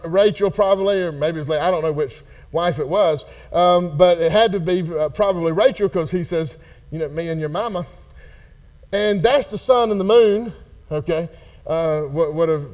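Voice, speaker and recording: A man leading a casual Bible study, folksy and animated, acting out the characters as he teaches. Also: high voice, lo-fi sound. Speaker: pastor. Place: church hall.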